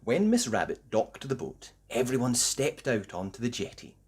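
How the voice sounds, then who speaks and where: A man reading a children's picture book aloud, narrating slowly and expressively for young listeners. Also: mid-range voice, breathy edge. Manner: slow, expressive storytelling. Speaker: storybook reader.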